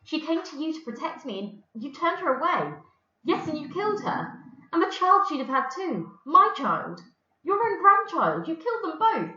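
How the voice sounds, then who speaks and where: A woman's voice: high voice, sing-song, moderate pace, voice pushed up, exaggerated voice. Woman reading as a furious, breaking young man. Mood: anguished, furious. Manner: shouting, near breaking point. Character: distraught angry young man confronting his mother. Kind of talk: dramatic reading of a play. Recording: roomy, dull lo-fi recording.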